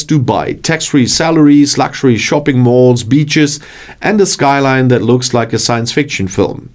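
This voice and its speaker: A man's voice: medium pitch, darkish tone. Wry male channel host narrating. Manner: wry, joking delivery. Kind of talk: scripted narration.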